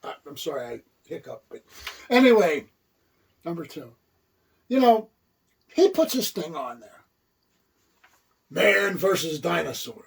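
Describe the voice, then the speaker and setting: A man's voice: fairly high pitch, sing-song, unhurried, creaky, long pauses, husky, recorded from a distance. A man co-hosting a wrestling talk show, teasing his partner with wisecracks and puns. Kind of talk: casual joking chat.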